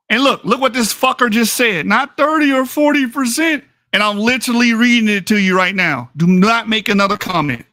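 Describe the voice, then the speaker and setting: Brash, bright-voiced heated male debater. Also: high voice, a little fast, hardly any pauses, no room sound, clean studio sound. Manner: aggressive, profane and insulting; reads aloud from papers.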